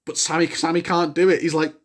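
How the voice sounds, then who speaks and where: A young man giving a casual spoken review of a wrestling show, rambling with many restarts and breaking into excited shouts. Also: a little high, fast. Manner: excitable, bursts into shouts at big moments.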